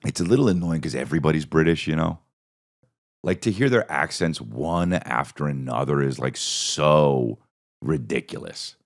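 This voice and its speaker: A man with a very low, gravelly voice and plenty of fry tells comic stories on his podcast. He rambles, swears freely and throws in sarcastic asides. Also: expressive, normal speed. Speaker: podcast host and stand-up comedian. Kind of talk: casual comedic storytelling.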